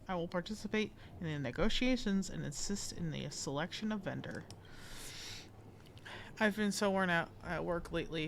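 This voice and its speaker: A woman's voice: on the low side, a little hiss or hum, natural voice. A woman reading aloud the lines of a grumpy, overworked young female engineering consultant in a game, irritable and defensive.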